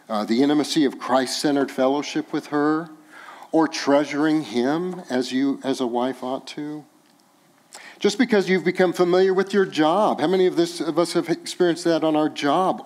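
A male pastor delivering a sermon in an easygoing, conversational way. He mixes in light self-deprecating humor while keeping a steady, mid-range voice. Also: mid-range voice.

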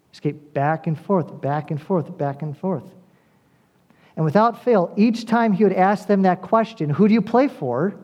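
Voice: medium pitch, lo-fi sound. A pastor preaching a sermon, earnestly addressing the congregation directly and building to emphatic, repeated appeals.

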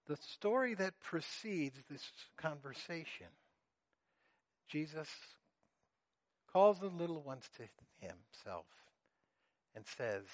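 Slow, earnest high-voiced male preacher. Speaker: pastor. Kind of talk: sermon.

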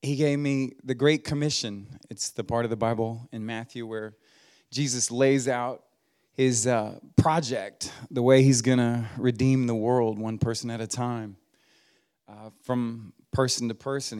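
A middle-aged man preaching from a church pulpit, his voice sitting at an ordinary middle pitch. He mixes folksy humor with mounting, emphatic exhortation. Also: fairly even intonation, a little slow, a little mellow. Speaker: guest preacher. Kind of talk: sermon. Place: church sanctuary.

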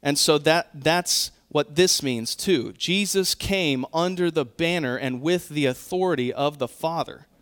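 A man pastor preaching a sermon, earnest and emphatic, often quoting scripture and pausing to correct himself. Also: on the high side, fairly bright tone.

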